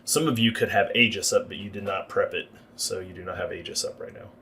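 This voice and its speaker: A man's voice: low voice, quick pace, bright, forceful tone, a little hiss or hum. A man narrating as game master for a livestreamed tabletop game, explaining the rules at length.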